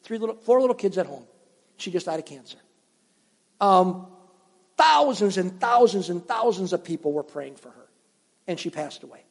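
With long hall reverb around him in a church sanctuary, a middle-aged pastor delivers a conversational sermon full of stories and questions for the congregation. He speaks high-pitched and expressive at a moderate pace, with vocal fry and frequent pauses.

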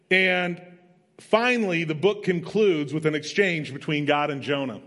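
A man's voice: on the high side, measured pace, a bit bright. A man preaching a sermon, retelling a story in a plain, conversational way with emphatic asides. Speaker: missionary preacher. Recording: long reverb of a large hall.

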